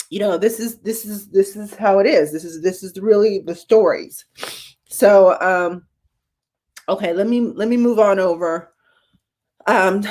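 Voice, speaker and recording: A woman in her forties, a veteran nurse hosting a live-streamed talk show, speaking casually and growing emotional as she tells hospital stories. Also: mid-range voice. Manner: casual, addresses viewers as y'all.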